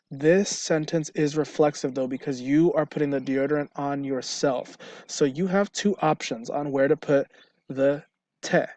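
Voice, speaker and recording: A man's voice: fairly high pitch, darkish tone, dry recording. A man teaching a Spanish grammar lesson, explaining step by step and checking in with "right?". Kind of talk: recorded online lesson.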